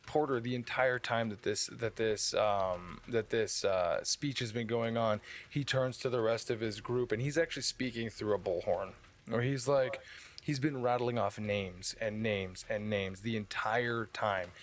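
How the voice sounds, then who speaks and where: A man's voice: lowish voice, measured pace, slight background noise. A man narrating a tabletop game as dungeon master, describing the scene with frequent fillers and restarts.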